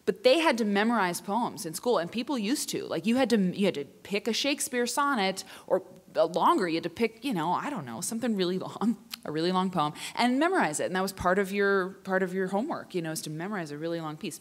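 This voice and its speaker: A woman in her thirties who performs spoken word poetry and chats casually with high school students in a self-deprecating way. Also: fast talker, hardly any pauses. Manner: chatty, self-deprecating, expressive poetry reading. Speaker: writer and performer.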